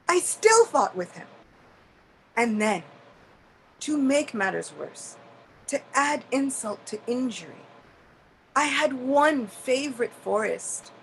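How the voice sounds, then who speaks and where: A woman's voice: on the high side, a bit bright, a little hiss or hum, rough recording. Indra, indignant king of heaven, told by a woman. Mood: aggrieved. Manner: indignant, confessional, rising outbursts. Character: Indra, proud male king of heaven, self-reproaching. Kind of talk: devotional storytelling in character.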